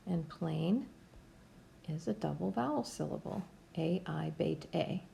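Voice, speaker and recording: A woman's voice: fairly low pitch, creaky, warm tone, a little hiss or hum. A woman teacher giving a patient, step-by-step phonics lesson to young students from home. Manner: slow, patient, step-by-step instruction.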